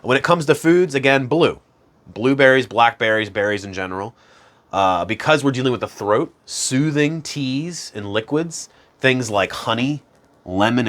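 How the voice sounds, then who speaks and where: A man hosting a self-improvement channel, explaining practices in a casual, conversational way and chuckling at himself now and then. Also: lowish voice. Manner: conversational, chuckles at himself, chants hum softly. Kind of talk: casual instructional talk.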